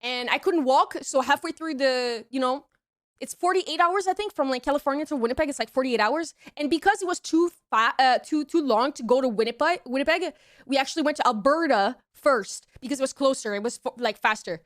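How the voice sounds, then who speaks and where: Young female streamer, high voice, animated and profane, rambling casual storytelling to chat. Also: brisk. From Canada. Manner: animated, swearing, excitable with many restarts.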